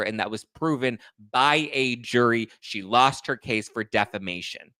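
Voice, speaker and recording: Man, gossip show host, sarcastic ranting, bright forceful voice, dry close sound. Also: medium pitch, a little slow, no room sound. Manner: sarcastic, worked-up, exasperated. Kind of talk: ranting celebrity gossip commentary.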